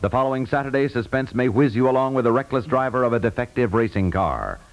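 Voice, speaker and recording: A man's voice: mid-range voice, expressive, fast talker, poor audio. Polished, emphatic 1950s radio announcer man. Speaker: network announcer. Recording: old radio broadcast recording.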